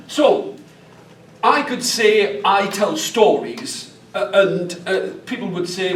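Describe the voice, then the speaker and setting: High-voiced man with a northeast English accent. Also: sing-song, takes it slowly, recorded from a distance, slight background noise. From northeast England. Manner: chatty, jokey, engaging the room. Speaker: storyteller leading a teacher workshop. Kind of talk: lively workshop talk to an audience. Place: large hall with an audience. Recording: echoey hall, mic from afar.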